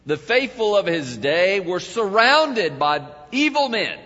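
A man preaches a sermon with a lively, swooping delivery, pushing up to loud cries and sinking back to a hushed low. His voice is bright and a little higher than most men's, and his pace is slow and deliberate. The recording is dull and lo-fi, with a long reverb from a large church hall. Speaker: pastor.

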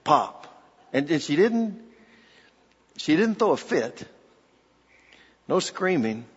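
A man delivers a sermon at a slow, unhurried pace, telling a family anecdote and reading scripture aloud. His voice carries a long reverb tail, and the sound is somewhat dull and muffled. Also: on the high side, very animated, breathy edge. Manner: slow, deliberate preaching with personal stories and read scripture. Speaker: pastor.

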